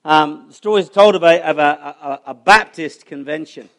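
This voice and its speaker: A man's voice: a little high, unhurried. A middle-aged man giving a chatty, humorous talk to a church audience, telling stories in a self-deprecating way. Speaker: conference speaker. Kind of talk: humorous sermon-style talk.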